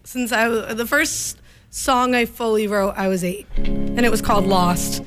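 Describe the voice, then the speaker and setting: A young woman with a fairly high voice, chatting in a small radio studio. She talks in lively bursts and laughs often as she answers questions. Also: measured pace, soft background music. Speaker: band leader, guest. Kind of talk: casual radio interview.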